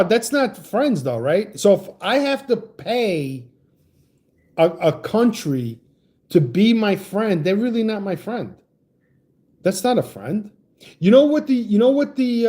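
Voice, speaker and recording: Fired-up ranting man, high and swinging. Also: dark tone. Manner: heated, profane, stammering restarts. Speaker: livestream host reading chat. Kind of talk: ranting political livestream chat.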